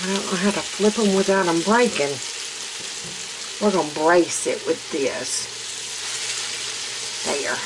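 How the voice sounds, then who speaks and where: A woman's voice: on the low side, slow, long pauses, background noise. A woman with a Southern US accent hosting a casual cooking vlog from her home kitchen, talking in a chatty, folksy way and laughing often. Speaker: cooking channel host. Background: faint frying sizzle.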